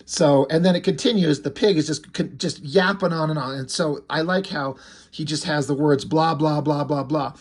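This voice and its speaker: A man's voice: fairly high pitch, fairly even intonation, normal speed. A man casually reviewing a comic book, rambling and amused, with many fillers.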